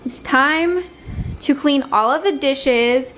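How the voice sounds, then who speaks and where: A young woman chatting to the camera at home in a chatty, dramatic way, full of quick exclamations. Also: sits high, fairly bright tone, a little hiss or hum. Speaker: vlogger. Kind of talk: casual chat to camera. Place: home bedroom.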